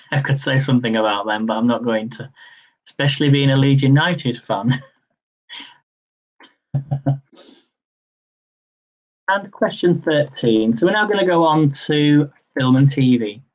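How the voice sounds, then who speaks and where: A young man hosting a live-streamed quiz, reading each question slowly, repeating it, and adding chatty asides. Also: medium pitch, dull audio. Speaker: quiz host.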